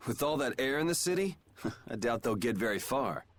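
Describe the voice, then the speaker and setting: A man's voice: mid-range voice, sing-song, moderate pace, lightly acted. An actor voicing a sardonic young male swordsman in a video game, with a dry, curt, dismissive manner. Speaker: game character.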